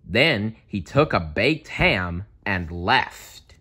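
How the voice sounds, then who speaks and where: A man reading a children's bedtime story aloud in a calm, measured way. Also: on the low side, breathy edge. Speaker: storybook reader.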